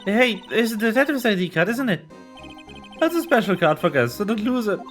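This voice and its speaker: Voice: mid-range voice, very animated, fairly quick, faint music behind, voice pushed up, natural voice. A streamer voicing a jovial, boastful older male police chief in a video game, speaking in a hearty, showy way. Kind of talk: reading game dialogue aloud on stream.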